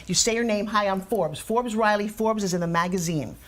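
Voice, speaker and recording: Fast-talking woman with a Long Island accent. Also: medium pitch, slight background noise. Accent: Long Island New York. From Long Island, New York. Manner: animated storyteller, fast and energetic. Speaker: guest speaker. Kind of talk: casual interview chat.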